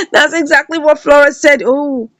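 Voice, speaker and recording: Animated high-voiced woman recapping a series. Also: slightly rough, dry recording. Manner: dramatic retelling, acting out characters' quotes. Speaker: series reviewer. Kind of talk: recap commentary.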